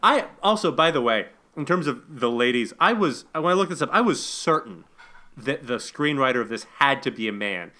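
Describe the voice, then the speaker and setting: A man's voice: medium pitch, expressive, normal speed, bright, forceful tone. A man in casual podcast chat, giving dry, wry critique of a movie. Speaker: podcast co-host.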